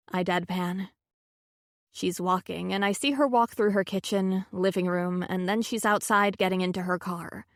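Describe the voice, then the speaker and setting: A woman reading a romance audiobook in first-person narration, soft and subdued with emotion. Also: on the low side, fairly even intonation, normal speed, no echo, studio quality.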